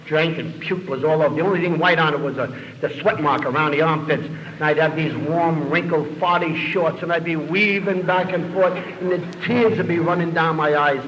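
A man telling his recovery story to an audience as a lively, self-mocking comic storyteller, in a dull lo-fi recording. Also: fairly high pitch, moderate pace, hardly any pauses, slight background noise. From New York City.

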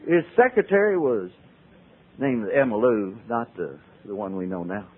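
A man tells a group the story of his life, imitating the voices of the characters he describes. He has a fairly low pitch, lively intonation and a normal speaking speed, heard through a tinny, phone-like old recording with a little hiss or hum.

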